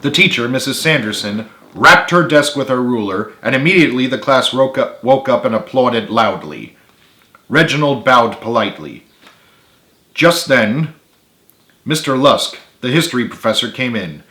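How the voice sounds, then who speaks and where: A man's voice: mid-range voice, lively intonation, normal speed, bright, forceful tone. Man reading his storybook aloud, echoey. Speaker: author reading his book. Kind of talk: storybook read-aloud narration.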